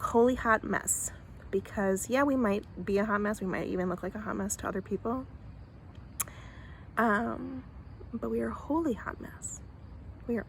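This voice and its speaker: A woman talking casually to camera outdoors in a faith vlog, chatty and animated, with lots of fillers and restarts. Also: mid-range voice, creaky, slight background noise. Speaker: vlogger. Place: outdoors in bright sun.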